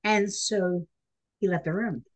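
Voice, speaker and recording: Middle-aged woman, nursing instructor, lively storytelling lecture to students. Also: on the low side, slow, low-quality recording. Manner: chatty and animated, addresses students directly. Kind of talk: recorded classroom lecture.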